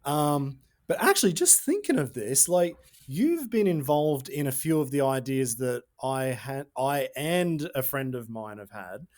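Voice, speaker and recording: A man hosting a relaxed podcast conversation. He talks in a thoughtful, halting way, often stopping and restarting, and pokes fun at himself. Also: medium pitch. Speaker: podcast host.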